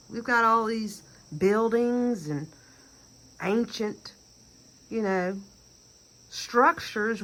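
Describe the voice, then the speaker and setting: A woman's voice: a little high, low-quality recording. A middle-aged woman with a Southern accent in an emphatic, rambling monologue that sometimes sinks to a near whisper. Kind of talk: personal monologue rant.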